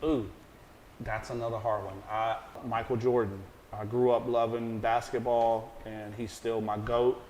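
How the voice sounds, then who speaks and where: A man with a Southern American accent, a private chef chatting in an interview, animated and rambling, joking and swearing casually. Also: medium pitch, a little slow, a little hiss or hum, low-quality recording.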